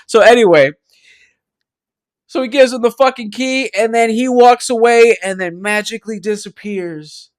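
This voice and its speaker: A man's voice: very high voice, moderate pace. A man co-hosting a casual gaming podcast, telling rambling stories full of swearing and restarts. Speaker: podcast co-host.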